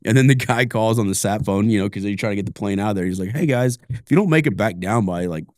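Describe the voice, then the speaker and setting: A man, a comedian guesting on a podcast, telling animated stories in casual chat and acting out quotes. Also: on the low side, dry recording, clean studio sound. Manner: animated, fast storytelling with acted-out quotes.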